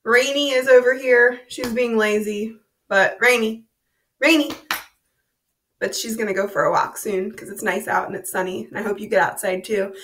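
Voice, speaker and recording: A woman's voice: medium pitch, fairly even intonation, brisk, few pauses, a bit bright, a little hiss or hum. A woman teacher chatting cheerfully to pupils at home.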